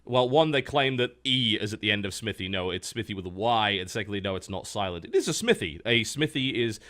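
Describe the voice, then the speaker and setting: A man's voice: on the low side, big pitch swings, fairly quick, fairly bright tone. Dry-humored man telling a story. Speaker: podcast host. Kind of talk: casual podcast chat.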